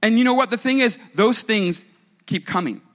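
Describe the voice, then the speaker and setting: A male pastor delivers an animated sermon, talking to his congregation like friends and dropping playful asides. His voice sits high and bright. It sounds like he is preaching in a church. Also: normal speed, in a large hall.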